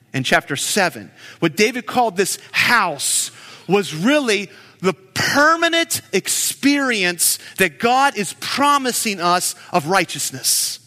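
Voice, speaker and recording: A middle-aged male pastor preaching a sermon, moving between loud emphasis and hushed asides. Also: high-pitched. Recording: long hall reverb.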